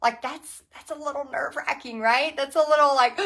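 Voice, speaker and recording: A woman's voice: sits high, fairly even intonation, a little fast, vocal fry, fairly bright tone. A Texan woman leading a live-streamed painting lesson, chatty and giggly, greeting viewers by name as she paints. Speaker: paint party instructor.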